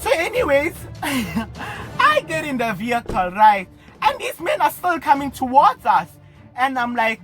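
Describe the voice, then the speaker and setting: Brief: young South African guy, vlogger, rapid animated storytelling, swears a lot, faint music underneath. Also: very high-pitched. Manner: animated, breathless retelling full of swearing and fillers. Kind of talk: casual storytelling.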